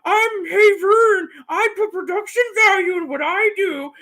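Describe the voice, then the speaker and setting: A man voicing a mocking, boastful rival host in a high, whining voice. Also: measured pace, sharp tone, full character voice. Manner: high-pitched, whining mockery.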